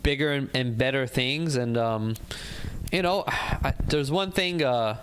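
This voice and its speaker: A man's voice: mid-range voice, a little slow, a bit bright, slight background noise. A male comedian co-hosting a casual podcast chat, laid-back and agreeable, asking questions and backing up his partner. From San Francisco Bay Area. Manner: laid-back, agreeable, lots of short backchannel replies.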